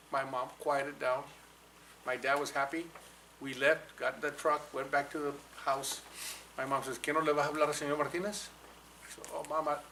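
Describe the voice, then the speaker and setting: Bright-voiced storyteller man in his 60s. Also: a little high, a little hiss or hum, low-quality recording. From New Mexico, US. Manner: animated storyteller, switching into Spanish for quotes. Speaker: guest speaker. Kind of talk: storytelling talk at a fireside chat. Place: college event hall with audience.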